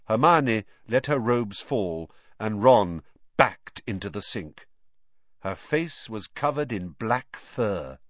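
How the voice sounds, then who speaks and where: A man reads a storybook aloud with lively, rising and falling pitch. He is expressive and animated. The recording is dull and dry. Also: takes it slowly, no echo. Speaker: audiobook narrator. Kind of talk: scripted storybook narration.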